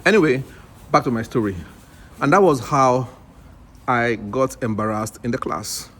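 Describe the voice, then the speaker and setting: A man's voice: mid-range voice, normal speed. Nigerian man telling a rambling story. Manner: animated, acts out dialogue with rambling restarts. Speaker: English teacher vlogger. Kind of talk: casual storytelling vlog.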